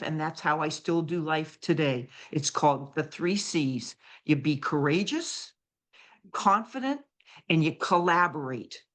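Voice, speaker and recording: An older woman, a guest author on a talk show, telling her story in an animated way and acting out quoted voices. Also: on the low side. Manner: acts out quoted voices, lively and exclamatory.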